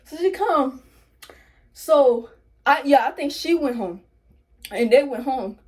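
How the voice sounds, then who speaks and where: A young woman, casually telling a storytime and animatedly acting out quotes. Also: takes it slowly. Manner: animated, acts out quotes in a high voice. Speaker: vlogger.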